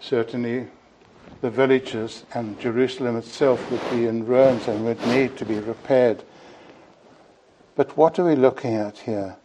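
A man preaching an evening sermon in an earnest, deliberate way, often closing his points with "you see". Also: mid-range voice, steady tone, dark tone, a little hiss or hum, poor audio.

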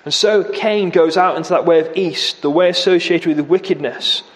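A man's voice: a little high, moderate pace. A man preaching a sermon, grave and emphatic, repeating key words for weight.

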